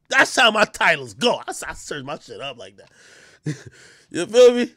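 Loud, lively, high-pitched male streamer. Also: measured pace, no room sound, clean studio sound. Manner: loud, laughing, crude storytelling with sudden yelps. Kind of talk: casual livestream chat.

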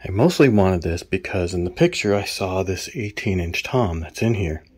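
A man's voice: sits low, animated, moderate pace, a little mellow, slightly rough, no room sound. A man showing off gear in a casual, rambling way, out of breath from carrying things. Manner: rambling, counts items aloud. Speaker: drummer vlogger. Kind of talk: casual show-and-tell.

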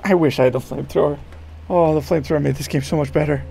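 A man streaming a horror game, swearing and talking excitedly to himself and the game. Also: a little high, racing, creaky, faint music behind. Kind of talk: live gameplay commentary.

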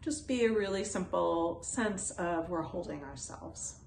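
A woman teaching self-compassion in a gentle, unhurried way, with pauses and fillers. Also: lowish voice, expressive, creaky, echoey room, a little hiss or hum. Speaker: wellness teacher.

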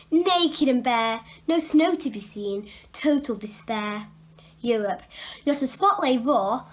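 Young woman reading her own poem dramatically. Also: fairly high pitch. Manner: dramatic, with pauses after each place name. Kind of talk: poetry reading.

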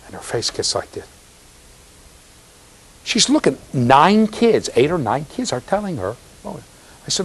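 This male lecturer has a husky, medium-pitched voice, talks at normal speed and leaves long pauses. Teaching his university class conversationally, he spins stories, checks on students and performs the voices of anyone he quotes.

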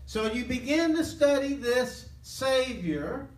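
High-voiced preacher prompting his congregation. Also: animated, slow. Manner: call-and-response, prompting listeners to finish phrases; earnest and impassioned. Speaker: Bible teacher. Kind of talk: interactive sermon. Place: church hall with live listeners. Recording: echoey room from a distant mic.

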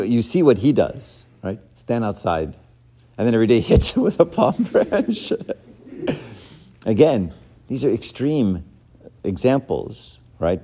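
A man's voice: on the low side, warm tone. A man giving an informal sermon lesson, conversational and joking, often checking in with his listeners. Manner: conversational, joking, keeps asking "right?". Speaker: church teacher.

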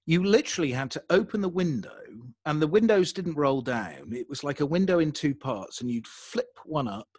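Lively English man telling a story. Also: a little high, normal speed, few pauses, slightly rough, dry recording, clean studio sound. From England. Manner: animated, self-deprecating storyteller. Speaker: podcaster guest. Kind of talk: casual storytelling interview.

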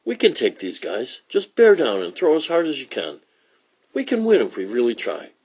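A man's voice: mid-range voice, wildly swooping pitch, normal speed, a little mellow, breathy edge, voice pushed up. A man voicing an anxious, earnest young boy from a comic strip.

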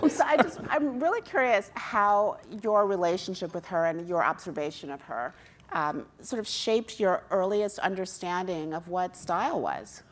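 Low-voiced woman interviewer on stage. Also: expressive, a little hiss or hum. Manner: measured, reads the bio with small hesitations. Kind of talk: stage interview introduction and questions. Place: stage before a live audience.

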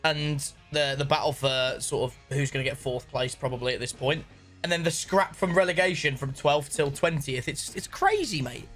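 Bloke, chatty and jokey gaming host, voice a bit high, faint music under it. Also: male voice, normal speed, a bit bright. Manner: chatty, jokey, says "mate" a lot. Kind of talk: casual gaming chat.

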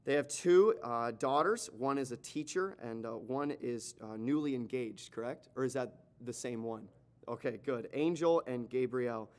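A pastor introduces a visiting evangelist to his church. He is a man with an average pitch who jokes along the way. He pauses often and fills the gaps with "uh.". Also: a little mellow. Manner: joking, halting, many fillers. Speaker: pastor introducing guest speaker. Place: church sanctuary.

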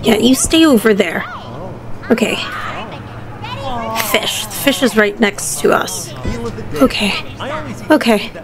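A woman's voice: on the high side, takes it slowly, long pauses, over music. A woman giving horror game commentary, panicky, yelping and talking to herself. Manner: panicky, yelps and rambles to herself. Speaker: gaming commentator.

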